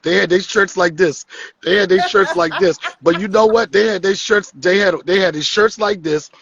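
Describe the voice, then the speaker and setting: A man's voice: sits high, moderate pace, creaky, a bit bright, breathy edge, no echo, highs cut off. A man hosting a live stream, joking and teasing his guests in casual, profane comedic chat.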